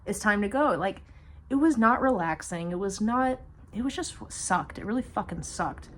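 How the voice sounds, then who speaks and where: A young woman vlogger telling a storytime monologue to her camera, swearing freely and speaking with animated emphasis. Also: medium pitch, moderate pace, slight background noise.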